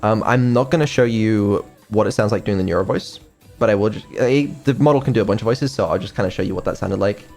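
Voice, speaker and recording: A man's voice: fairly low pitch, quick pace, darkish tone. A man streaming casually as a developer, hesitant and full of ums, with some casual swearing. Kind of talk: casual live-stream chat. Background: faint music.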